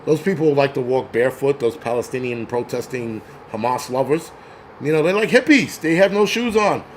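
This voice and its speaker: A man's voice: mid-range voice, expressive, a little fast, slight background noise. A man hosting a crude, angry livestream rant, mocking people as he goes. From New York. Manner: angry, crude, mocks others in put-on voices. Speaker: host.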